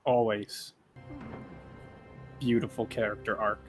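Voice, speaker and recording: A man co-hosting a reaction video, expressive and swearing, groaning and marveling as he watches. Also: lowish voice, slow, music in the background. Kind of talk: casual reaction commentary.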